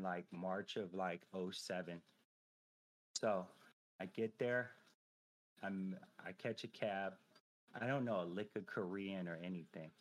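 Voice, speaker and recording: Man in his thirties, lowish voice, casual profane storytelling, lots of fillers. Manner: profane, animated storytelling with frequent filler phrases. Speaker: podcast guest, army veteran.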